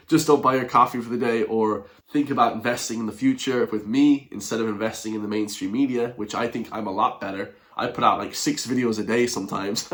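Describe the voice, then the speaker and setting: Scornful man ranting. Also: fairly low pitch. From Ireland. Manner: animated, scornful, mock gasps. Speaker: political commentary vlogger. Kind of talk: ranting video commentary.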